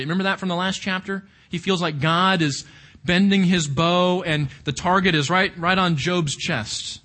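A man with a high-pitched voice teaches through a book of the Bible at a moderate pace, switching between reading passages aloud and explaining them. His delivery is animated, and he keeps asking the listeners questions.

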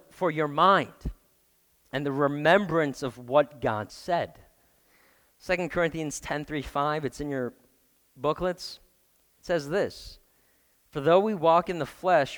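A man's voice: on the high side, measured pace, fairly bright tone, big-room sound. A man preaching a sermon as pastor, emphatic, often putting questions to the congregation. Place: church.

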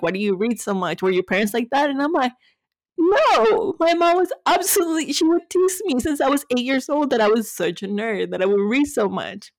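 A woman's voice: mid-range voice, no echo. A woman in her thirties co-hosting a podcast, telling stories animatedly with frequent laughter in a casual chat. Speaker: podcast co-host.

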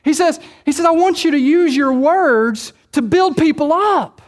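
A woman with a high voice delivers a sermon, laughing now and then as she jokes. She often repeats words at the start of her phrases. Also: unhurried. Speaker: preacher.

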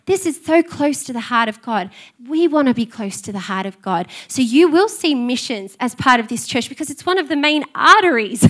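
A middle-aged woman, preaching a sermon in an earnest, conversational way and telling personal stories. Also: sits high. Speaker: pastor.

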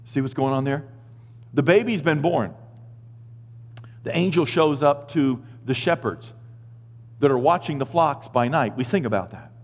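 A man in his fifties preaching a sermon in a casual, jokey way, swinging from hushed asides to shouted lines. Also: medium pitch, lively intonation, measured pace, pauses often. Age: 50s. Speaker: pastor. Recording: muffled sound with long hall reverb.

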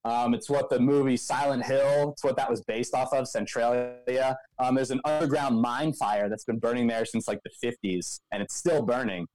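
With a medium, steady, darkish voice, he moves at a moderate clip with few pauses while faint music plays behind him on a low-quality recording. The speaker, a young man from around Philadelphia, co-hosts the podcast and co-founded a local news outlet, telling a long, meandering story in casual chat, heavy on "like" and "um."

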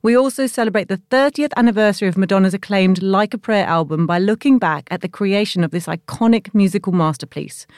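A woman hosts a podcast in an upbeat, enthusiastic way and laughs easily. Her voice sits at an ordinary middle pitch, and the sound is dry and close with no room echo. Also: fast talker, few pauses, darkish tone. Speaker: podcast host. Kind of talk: scripted intro then casual interview chat.

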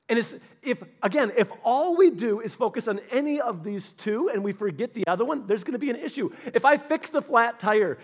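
Animated high-voiced male preacher. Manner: animated, storytelling with acted voices, sudden loud emphasis. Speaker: pastor. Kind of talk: sermon.

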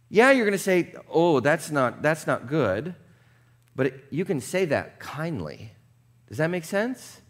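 Chatty pastor with a fairly high voice. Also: male voice. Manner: casual and chatty, with frequent "like" and "right?"; drops low and quiet for earnest points. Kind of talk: conversational sermon.

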